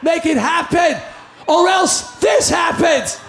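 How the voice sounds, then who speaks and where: A man fronting a band, telling a loud, energetic story to a crowd from a car show stage before a song, in an echoey live recording with music behind. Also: very high-pitched, slow pace, vocal fry, noisy background.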